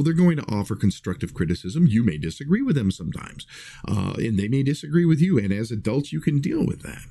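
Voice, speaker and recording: A man's voice: mid-range voice, dark tone. A man talking casually to his livestream viewers, earnest and rambling, with many fillers and restarts. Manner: earnest, reflective.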